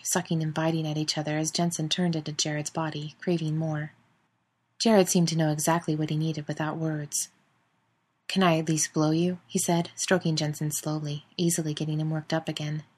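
A woman reading fan fiction aloud in an even, intimate storytelling manner. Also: low voice, a little fast, husky. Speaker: narrator.

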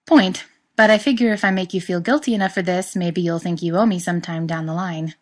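A woman's voice: lowish voice, a little fast, natural voice. A woman voicing a playful, teasing male English professor who cracks jokes. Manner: teasing, wisecracking.

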